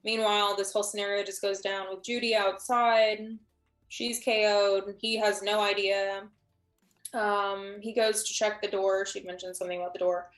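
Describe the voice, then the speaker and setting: A woman chatting as a guest on a live stream, rambling through her thoughts and restarting sentences as she goes. Her voice sits in a middle pitch, and the room around her rings with a noticeable echo. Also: little pitch movement, moderate pace, fairly bright tone. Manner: rambling, thinks aloud with many restarts. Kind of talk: casual chat on a live stream.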